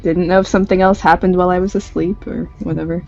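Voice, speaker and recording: A man's voice: high-pitched, level tone, fast, vocal fry, darkish tone, dull audio, faint music behind. A man playing a tabletop game who answers in short, laid-back replies. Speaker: player. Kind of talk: casual tabletop play.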